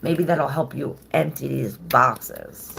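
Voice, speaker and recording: A woman's voice: a bass voice, slow pace, gravelly, fairly bright tone, slight background noise. A woman doing a casual tarot reading, chatty and loose, swearing freely and drawing out her phrases as she reads the cards. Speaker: tarot reader.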